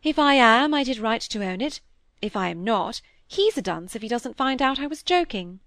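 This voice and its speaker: A woman reading the part of a witty, playful young Victorian woman, light and teasing, a little higher in pitch. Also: expressive, normal speed, fairly bright tone, dry recording, clean studio sound. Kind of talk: audiobook character reading.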